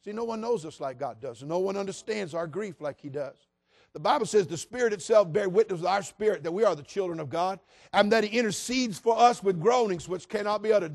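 Impassioned preacher, a man, higher voice. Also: vocal fry, dry recording, clean studio sound. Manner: impassioned preaching, swinging from loud appeals to hushed tones. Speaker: pastor. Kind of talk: sermon.

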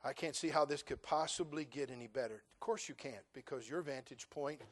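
A middle-aged male pastor preaching a sermon, folksy and joking, acting out dialogue and rising to loud, fervent passages. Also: mid-range voice, brisk. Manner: animated preaching, acts out dialogue, rises to loud fervent climaxes.

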